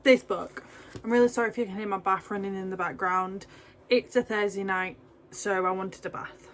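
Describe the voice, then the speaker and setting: A woman's voice: medium pitch, fairly even intonation, normal speed, background noise. A young British woman chatting casually to camera as a book vlogger, gushing and rambling with asides. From Britain. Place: home, indoors.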